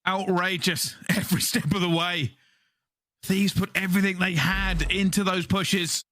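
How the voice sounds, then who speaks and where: A man doing animated color commentary on an esports match, laughing and drawing words out for emphasis. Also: sits high, a little slow, no room sound, studio quality. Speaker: esports analyst caster. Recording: clear game gunfire behind.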